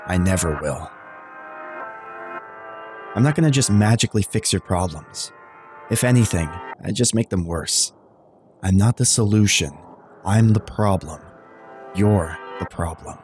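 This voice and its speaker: A man's voice: low voice, animated, unhurried, long pauses, darkish tone. A man reading a cold, cruel mysterious date. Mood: somber. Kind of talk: reading game dialogue aloud. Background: music.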